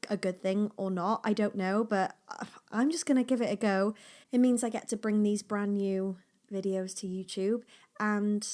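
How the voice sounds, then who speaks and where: A young adult woman talks at home in the casual, unscripted way of a personal podcast. Her voice sits in the middle of the usual range. She speaks openly and emotionally, restarts her sentences, and now and then drops to a soft, almost whispered tone. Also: mid-range voice. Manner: open, emotional, fillers and restarts, shifts between bright and near-whispered. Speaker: podcast host and small business owner.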